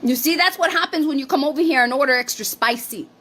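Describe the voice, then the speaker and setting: A woman's voice: sits high, fast talker, fairly bright tone. A woman co-hosting a livestream, ranting defensively and swearing, with Spanish phrases mixed in. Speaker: livestream co-host. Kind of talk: heated casual rant.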